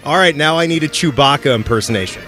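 A man's voice: fairly high pitch, animated, quick pace, over loud music. A man hosting a casual office comedy bit, joking and teasing his coworkers. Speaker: host.

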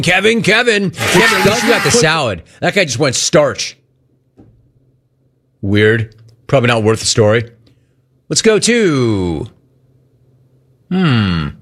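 A man's voice: on the high side, a little slow, pauses often. A man hosting a call-in talk show, telling stories in a casual, slangy way. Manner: animated storytelling, slangy. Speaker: radio show host. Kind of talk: casual sports talk radio.

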